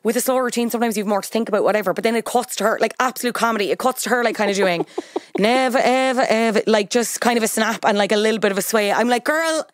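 A man's voice: high-pitched, steady tone, no room sound, studio quality. Enthusiastic man podcast guest. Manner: quick, enthusiastic, talks over the host. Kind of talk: casual chat.

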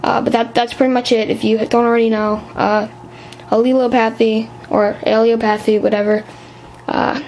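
A woman's voice: on the high side, flat delivery, fairly quick, gravelly, a little mellow, slight background noise, low-quality recording. A woman giving a casual vlog explainer on an aquarium hobby topic, rambling and hesitant, with lots of restarts.

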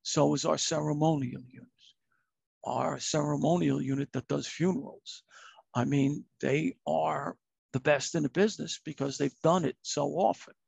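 Middle-aged new guy, retired fire captain, raspy husky voice, dry close sound, earnest and plain-spoken. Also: on the high side, fairly even intonation, normal speed, a little mellow, dry recording. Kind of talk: candid personal storytelling.

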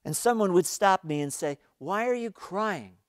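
A man voicing a soft, earnest young son. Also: high-pitched, expressive, moderate pace, dry recording, studio quality, pitched above the performer's own voice. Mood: pleading. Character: young adult son pleading with his father.

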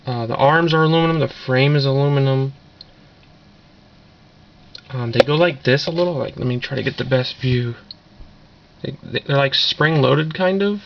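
Man with a gravelly voice, rambling unboxing. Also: medium pitch, normal speed, long pauses. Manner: rambling, offhand, filler-heavy. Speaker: vlogger doing an unboxing. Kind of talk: casual unboxing commentary. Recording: dull lo-fi camera audio with noise.

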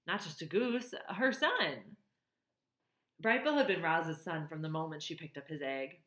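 Woman, slightly low voice, reads a children's book with feeling, echoey room. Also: unhurried. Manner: expressive, warmly emotional reading. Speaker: reader. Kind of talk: reading a children's novel aloud. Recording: roomy echo.

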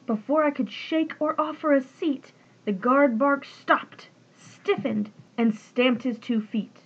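A woman's voice: high-pitched, takes it slowly, slightly rough, dull audio. A woman reading a rhyming children's story aloud in a sing-song way. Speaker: reader.

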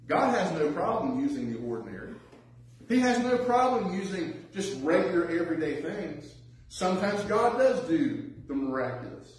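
A man's voice: fairly high pitch, darkish tone. A man preaching a sermon, reading scripture aloud and then urging his listeners with earnest, rising emphasis. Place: church sanctuary. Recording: very echoey church hall, mic at a distance.

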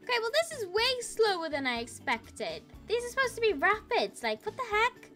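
A woman's voice: very high-pitched, sing-song, normal speed, pushed and bright, faint music behind. A young woman playing a game and commenting with squeals, gasps and laughter, calling her partner sis. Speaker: gaming YouTuber. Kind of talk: excited roleplay gameplay commentary.

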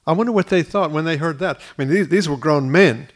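A man's voice: on the high side, fairly quick. Earnest man preaching a sermon. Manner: earnest, repeats words at restarts. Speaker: pastor. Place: school hall used for church.

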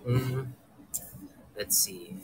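Relaxed man on a livestream. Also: medium pitch, very slow, noisy background. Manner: relaxed, mixes in Tagalog words, thanks viewers. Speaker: livestream co-host. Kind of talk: casual livestream chat.

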